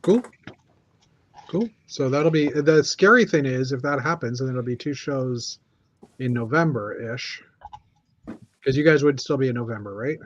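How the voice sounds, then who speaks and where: A man's voice: medium pitch, animated, measured pace, pauses often, dull audio, a little hiss or hum. A man in a casual online chat, reacting and asking short follow-up questions.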